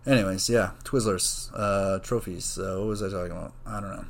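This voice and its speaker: A student delivers a casual solo monologue in a low voice with fairly even intonation and a fairly quick pace. He rambles, swears freely, and keeps drifting into jokey asides.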